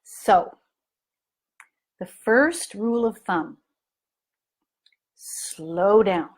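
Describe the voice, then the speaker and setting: A woman's voice: mid-range voice, takes it slowly, long pauses. A middle-aged woman coaching parents in a live training talk, telling stories and acting out the people in them. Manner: animated storytelling, acts out scenes in lively voices.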